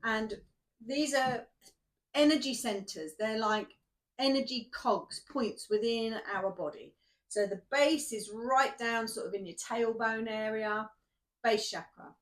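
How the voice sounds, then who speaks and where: This is a woman who sits a touch high in pitch. She sounds worn out and a little shaky from night shifts, but she stays chatty, rambling, and quick to laugh at herself. She is a tarot reader warming up her viewers with some casual chat.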